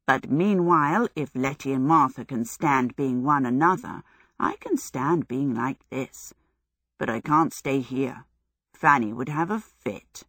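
A woman reading an audiobook, voicing a very old woman who talks to herself calmly and matter-of-factly. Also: a little slow, breathy edge, no echo, clean studio sound, exaggerated voice. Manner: calm, low, matter-of-fact. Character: very old woman, calm and wry. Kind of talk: audiobook character voice.

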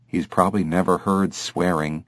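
A man voicing a weary, subdued middle-aged husband who speaks low and quietly. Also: steady tone, moderate pace, no echo, studio quality. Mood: resigned.

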